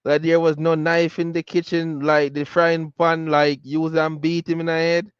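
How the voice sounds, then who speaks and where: A man's voice: fairly high pitch, level tone, normal speed, clear, resonant tone, dry recording. A man hosting a podcast, reacting to a clip in casual commentary and filling his talk with "like". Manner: filler-heavy, keeps saying "like". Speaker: podcast host. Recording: dull lo-fi audio.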